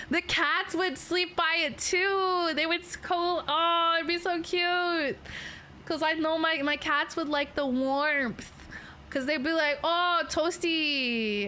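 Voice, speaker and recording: Bright, slow-talking Canadian woman streamer. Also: high voice, slight background noise. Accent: Canadian English. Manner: rambling, playful, laughs often. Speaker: VTuber streamer. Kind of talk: casual livestream chat. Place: home streaming setup in a bedroom.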